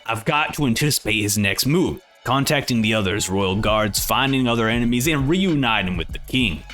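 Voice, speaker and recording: A man voicing a gruff, calculating older male fighter in a low, grim, measured way. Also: lively intonation, a bit bright, faint music behind, lightly acted.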